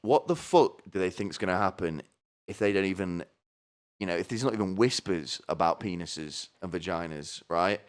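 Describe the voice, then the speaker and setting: Podcast guy ranting, swears loads, low-ish smooth voice. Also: moderate pace. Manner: crude, sardonic, swears a lot; asks the listener "right?" again and again. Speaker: podcast host. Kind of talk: comedic rant.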